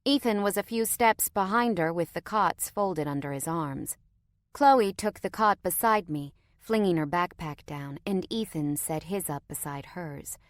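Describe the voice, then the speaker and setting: A woman's voice: lowish voice, unhurried, no echo. A woman narrating a story in the first person with a wry, conversational tone, recorded close to the microphone.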